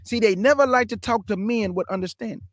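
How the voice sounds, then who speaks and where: A man preaching Bible commentary, emphatic and firing rhetorical questions, reading scripture aloud slowly and deliberately. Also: high voice, no room sound, clean studio sound. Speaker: online Bible teacher.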